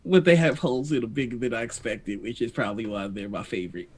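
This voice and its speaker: A man co-hosting a live stream chat, laughing often and talking in halting restarts, with the hiccups. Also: mid-range voice, crowd noise. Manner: giggly, halting, many restarts. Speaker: co-host.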